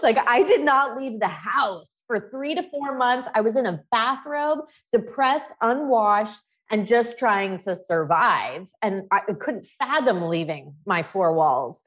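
A woman in her thirties speaks candidly on a podcast, frank and open, dropping swear words easily. Her voice sits at an ordinary pitch for a woman. The recording sounds a little dull and muffled. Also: lively intonation, moderate pace, few pauses. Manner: frank and emotional, swears freely. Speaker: podcast co-host. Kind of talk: candid personal chat.

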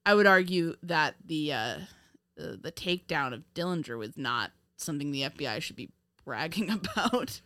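Bright-voiced woman chatting loosely about a film. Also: low-pitched, big pitch swings, normal speed. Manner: rambling, laughs often, many fillers and restarts. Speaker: podcast co-host. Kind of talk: casual film review chat.

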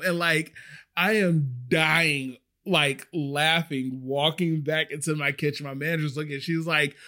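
A man who works as a restaurant server, telling a story in a chatty, animated way. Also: on the high side, a little slow. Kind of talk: casual storytelling.

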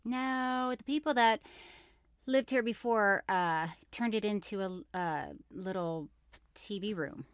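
A woman's voice: medium pitch, slow, dry recording, clean studio sound. A woman co-hosting a podcast in casual, giggly chat that often trails off. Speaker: podcast co-host.

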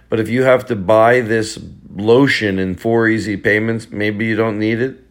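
A man's voice: lowish voice, level tone, moderate pace. A middle-aged man, a stand-up comedian hosting a podcast, riffing in a sarcastic, joking way with repeated bits. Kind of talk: casual comedic podcast banter.

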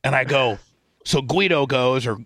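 A middle-aged man, a radio host, telling a story in casual, profane, animated chat. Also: medium pitch, moderate pace, a little hiss or hum.

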